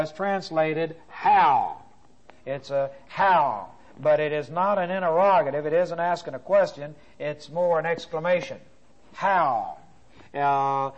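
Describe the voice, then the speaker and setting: A man teaching a Bible study lecture, restating each point and pausing with frequent uhs. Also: a little high. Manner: repeats points, many filler uhs. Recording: dull lo-fi recording.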